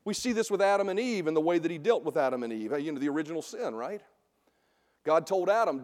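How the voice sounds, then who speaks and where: A man teaching a sermon in a conversational way, often checking in with a quick "right?". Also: a little high, sing-song, a little mellow. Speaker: preacher teaching a Bible series. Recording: long hall reverb.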